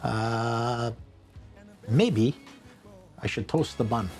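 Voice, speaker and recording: A man hosting a casual cooking vlog from a home kitchen, rambling and joking at his own expense, with sudden excited bursts. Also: medium pitch, drawn-out words, faint music behind. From Canada.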